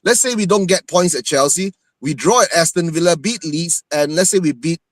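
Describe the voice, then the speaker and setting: A man's voice: fairly high pitch, normal speed, dry recording. A man talking football as a panelist, ending nearly every phrase with a questioning right?.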